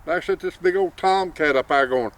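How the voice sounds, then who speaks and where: A man's voice: on the high side, moderate pace. Folksy man telling a folk tale. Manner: drawling, folksy, chuckling. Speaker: storyteller. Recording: distant mic, faint outdoor noise.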